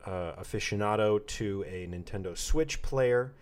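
A man's voice: lowish voice, measured pace, smooth. A man co-hosting a podcast in casual chat, joking and rambling between topics. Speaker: podcast co-host.

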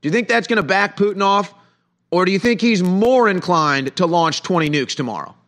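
A man's voice: high-pitched, animated, fairly quick, a bit bright. A middle-aged man hosting a heated political commentary show, sarcastic and full of rhetorical questions.

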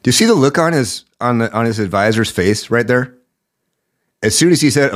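A man's voice: medium pitch, lively intonation, fairly quick. A man hosting a political podcast, giving indignant commentary with a sore throat. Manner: indignant, rising emphasis. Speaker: podcast host.

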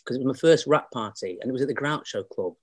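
A man's voice: medium pitch, animated, fast talker, breathy edge, dry recording, clean studio sound. Chatty man telling stories. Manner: chatty anecdotal storyteller, slips into voices for people he quotes. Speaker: actor and comedian guest. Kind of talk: casual podcast chat.

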